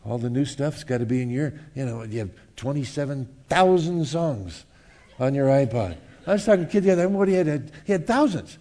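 A man preaching to his congregation in an easy, casual manner. His delivery swings between loud, raised passages and quiet, hushed asides, and he asks the room questions along the way. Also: medium pitch, a little fast. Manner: animated, swings from loud to hushed, acts out voices. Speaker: pastor. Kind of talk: sermon.

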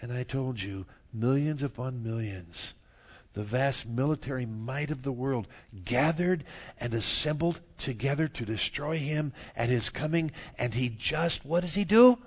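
A man preaching a sermon, moving from quiet, low stretches to loud, emphatic bursts and chuckling at his own jokes. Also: unhurried, slightly rough. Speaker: pastor.

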